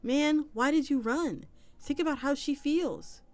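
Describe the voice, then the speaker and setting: A woman's voice: mid-range voice, measured pace, natural voice. Woman putting on a brash mocking forum guy. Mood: scolding. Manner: teasing, exasperated, loud.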